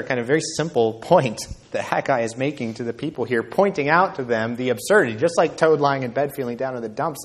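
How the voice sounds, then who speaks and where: A man preaching a sermon who reads from the Bible and talks conversationally, often checking in with the listeners by asking "right?". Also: medium pitch. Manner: conversational, with frequent tag questions. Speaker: pastor.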